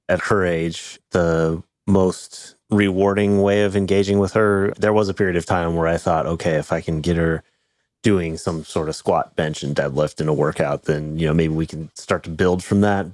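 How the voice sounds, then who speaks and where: A man hosting a podcast, talking in a reflective, measured way. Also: deep voice, a little mellow, no room sound, clean studio sound. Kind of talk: casual conversation.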